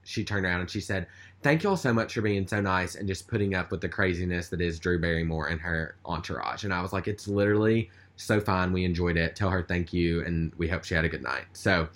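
Casting: male co-host, slightly low voice, rambling and chatty storyteller. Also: a little fast, fairly bright tone. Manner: rambling, chatty, with many fillers. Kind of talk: casual storytelling chat.

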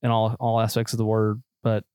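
Male podcast co-host, quick-talking, excitable, crude humor, close dry mic. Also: on the low side, clean tone, no echo. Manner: excitable, crude jokes, many fillers. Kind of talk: casual movie chat.

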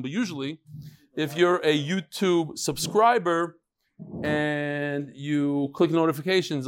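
A fairly high-pitched man talks with bright energy, calling out to guests around the study hall. He is chatty and playful, and between greetings he reads emails aloud to the class. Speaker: Talmud teacher. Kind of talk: lively greetings before a daily Talmud class.

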